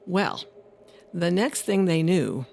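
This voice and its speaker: A woman storyteller telling a folk tale in an expressive, sing-song way with dramatic pauses. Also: on the low side, vocal fry, a little hiss or hum.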